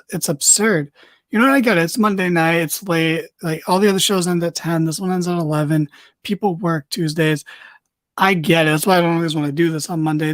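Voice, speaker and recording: A man hosting a podcast, recapping wrestling in a casual, rambling, excitable way with lots of fillers. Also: high voice, no room sound. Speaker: podcast host.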